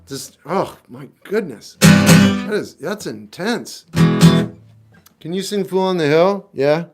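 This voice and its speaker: With a fairly high, expressive voice and a slow pace, a singer-songwriter in his fifties replies to livestream comments casually, in a blunt, wry and offhand way. A guitar can be heard playing in the background.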